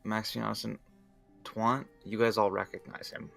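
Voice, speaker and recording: A man runs a tabletop game, narrating in a relaxed, hesitant way. His voice is fairly low and gravelly but bright. Faint music plays behind him. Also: normal speed. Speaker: game master.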